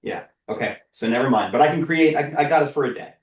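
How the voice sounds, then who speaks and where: A man's voice: mid-range voice, fast. A man playing a tabletop game, hesitantly thinking aloud through spell rules. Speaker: player. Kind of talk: casual game banter. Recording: roomy, distant mic.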